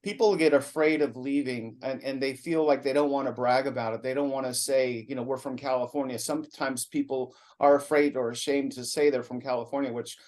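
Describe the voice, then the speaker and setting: A man's voice: medium pitch, steady tone, brisk, few pauses, darkish tone. A man hosting a podcast, asking long, earnest questions in a talkative way. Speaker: podcast host. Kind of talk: interview hosting.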